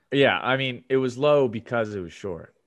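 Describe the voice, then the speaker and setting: An easygoing man co-hosting a casual sports podcast. His voice sits at a middle pitch, and he drags out his retelling, building each beat. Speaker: podcast co-host. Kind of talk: casual chat.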